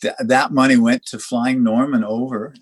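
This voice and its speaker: A man from Canada, a dry stone waller guest, telling stories in a halting way with many restarts and lively quoted dialogue. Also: medium pitch, breathy edge. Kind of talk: conversational storytelling.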